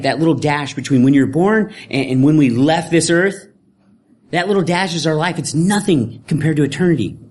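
A man's voice: fairly high pitch, darkish tone, husky. A male preacher giving a conversational sermon with frequent informal asides.

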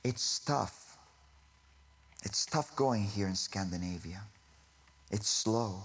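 A man preaching a sermon to a congregation. He talks in animated bursts, then drops to hushed near-whispers, and he corrects himself and laughs in asides. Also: on the low side, slow.

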